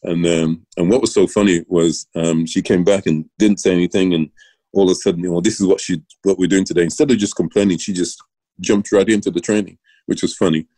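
A man's voice: low voice, steady tone, brisk, mellow, dry recording, rough recording. A middle-aged man from Britain, a former Olympian and coach, telling long rambling stories in a casual interview. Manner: rambling anecdotes with restarts and laughs.

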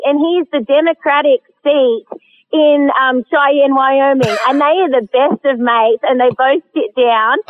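Australian woman over a tinny phone line. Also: high-pitched. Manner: animated, laughs often. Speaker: guest hunter. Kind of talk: casual storytelling.

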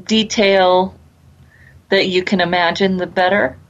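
A woman host with a slightly low voice, heard through a dull, muffled lo-fi recording. She chats casually and affirms her guest with brief interjections. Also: fairly even intonation, unhurried.

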